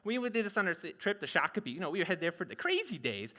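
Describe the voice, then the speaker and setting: Chatty minnesota minivan lady, guy doing the voice, squeaky and bouncy. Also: big pitch swings, very fast, pushed and bright, heavily acted. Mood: eager. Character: fussy Midwestern minivan wife, chatty.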